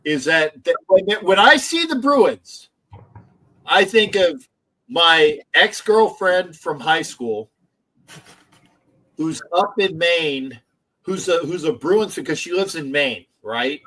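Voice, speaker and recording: A man's voice: fairly high pitch, expressive, slow, sharp tone, poor audio. A man hosting a casual sports livestream, rambling with many restarts and the odd swear word. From Philadelphia area. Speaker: livestream host.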